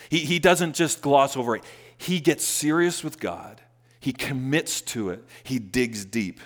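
A male pastor delivers a sermon in a church hall, his mid-pitched voice trailing into a long reverb. He drops to near-whispers, then climbs loud and insistent, repeating key phrases. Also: expressive, a little slow. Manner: swings from soft hushed lines to loud emphatic rises, repeats phrases.

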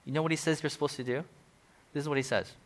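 A man's voice: a little high, fairly even intonation, very fast. A male pastor giving a conversational sermon, full of asides and acted-out quotes.

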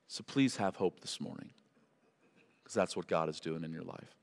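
A man's voice: deep voice, slow, gravelly, pauses often, clean tone. A man preaching as pastor, closing a sermon and praying, earnest and pleading, stumbling and correcting himself now and then. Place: church sanctuary. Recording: reverberant church hall.

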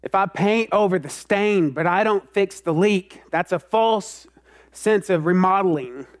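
A man with a fairly high voice preaches an animated sermon. He pokes fun at himself and now and then breaks into loud, rising outbursts. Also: measured pace. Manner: animated, self-mocking, swings into loud outbursts. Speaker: pastor.

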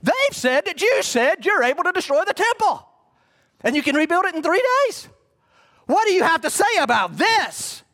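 A man voicing an agitated ancient high priest, loud and demanding, in a sermon retelling. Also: big pitch swings, moderate pace, heavily acted.

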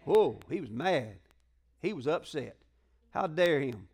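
High-voiced man preaching conversationally. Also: very animated, slow, vocal fry, a little mellow, slightly rough. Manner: conversational, call-and-response preaching with colloquial asides. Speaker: pastor. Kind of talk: sermon.

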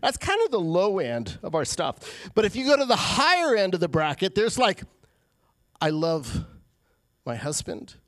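A male pastor giving a sermon in a conversational way, with quick asides and acted-out quotes. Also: high-pitched, wildly swooping pitch, a bit bright, no room sound.

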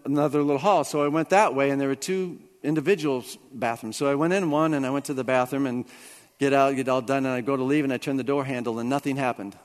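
A man preaching a sermon, telling a personal story with lively swings between hushed and excited delivery. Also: a little high, big-room sound. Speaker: pastor.

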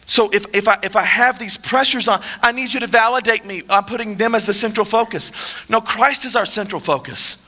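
Speaking a little fast, a man with a high, bright, forceful voice delivers a sermon as pastor. He keeps it casual and joking, tossing rhetorical questions to the audience, with long hall reverb around him.

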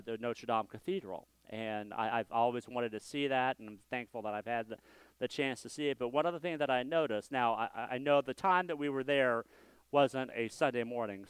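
A man's voice: mid-range voice, clean tone, dry recording. A male senior pastor giving a conversational, self-deprecating sermon from a church sanctuary, with frequent restarts.

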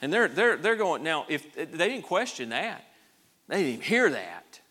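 Lively, bright-voiced man preaching a sermon. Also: a little high, normal speed. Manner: emphatic, repeats words, swings from hushed to loud. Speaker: pastor.

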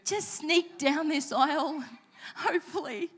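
A woman delivers a sermon in a bright, high voice. She preaches with animated energy and slips into playful, self-deprecating stories. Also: unhurried. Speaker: pastor.

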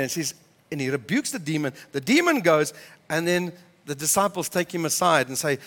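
A man's voice: high voice, very animated, brisk, a bit bright. A man, a pastor preaching a passionate, emphatic sermon in church. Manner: passionate, emphatic, repeats words when building up. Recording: reverberant church hall.

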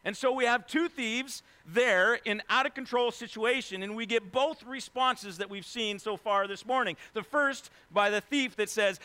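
A man preaching a sermon, reading scripture quietly and then rising into loud, emphatic preaching. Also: high-pitched, expressive, normal speed, hardly any pauses. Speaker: pastor.

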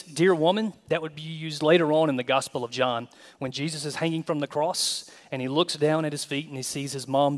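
A male pastor with a high voice preaches emphatically, mixing humor into his sermon. The long reverb of a large hall trails behind his words.

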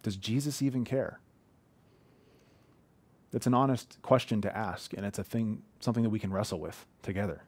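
A man's voice: lowish voice, normal speed, pauses often, a little mellow. A man in his thirties preaching an earnest, conversational sermon from a living room, often restarting his sentences. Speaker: pastor.

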